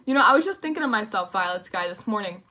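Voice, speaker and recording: A woman's voice: mid-range voice, animated, fast, bright, forceful tone. Woman, casual home livestream host, rambly and chatty. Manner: rambling, chatty, greets viewers by name. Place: at home at night.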